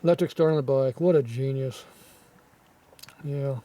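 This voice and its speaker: A man with a scratchy, sore throat reading viewer comments in a casual, offhand way, clearing his throat often and muttering asides. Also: medium pitch, normal speed, dark tone, no echo, far from the mic.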